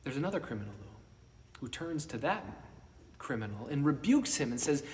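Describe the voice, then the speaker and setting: A man giving a sermon as pastor, talking conversationally with restarts and sometimes dropping to a hushed whisper for emphasis. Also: mid-range voice, very animated, moderate pace. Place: church worship space. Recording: roomy long reverb, mic at a distance, faint ambience.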